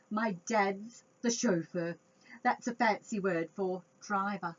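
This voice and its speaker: A woman reading a picture book aloud to young children, expressive and chatty with her listeners. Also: medium pitch, a little slow, husky. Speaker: children's storytime reader. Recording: dull lo-fi home recording.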